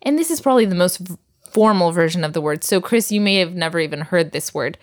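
A woman's voice: lowish voice, animated, fast talker. A woman teaching vocabulary to a learner, patient and encouraging, often laughing. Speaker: language teacher.

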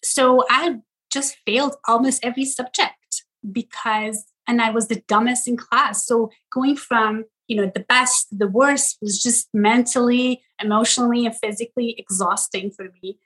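Husky bright Persian-accented woman, laughing often. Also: a little high, normal speed, rough recording. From Iran. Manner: animated, laughs often, searches for words. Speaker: guest, content creator. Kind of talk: casual interview chat.

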